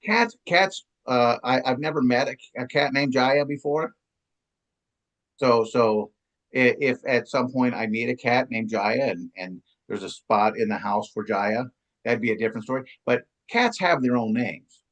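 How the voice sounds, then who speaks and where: A middle-aged man in loose conversation, his voice sitting at an ordinary, unremarkable pitch. He rambles, doubling back on his words and restarting his sentences as he goes. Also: measured pace, fairly bright tone. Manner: rambling, with many stammered restarts. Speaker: guest, longtime ska radio DJ and promoter. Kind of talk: casual chat.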